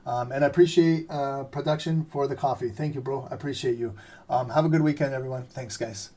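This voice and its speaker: A man's voice: medium pitch, steady tone, a little fast, mellow. A man hosting a live trading stream in a loose, rambling way, full of fillers, while he is losing his voice. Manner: rambling, filler-heavy, chatty. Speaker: trading livestream host. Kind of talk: casual live-stream chat.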